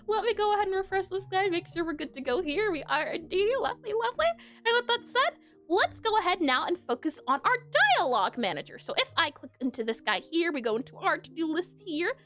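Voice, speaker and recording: A woman game developer narrating a casual coding devlog, chatty and giggly, often correcting herself and spelling words out loud. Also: very high-pitched, expressive, a little fast, soft background music.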